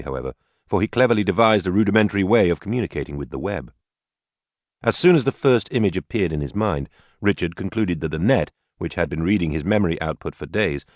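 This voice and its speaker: Deep-voiced male audiobook narrator. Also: a little mellow, no room sound, studio quality.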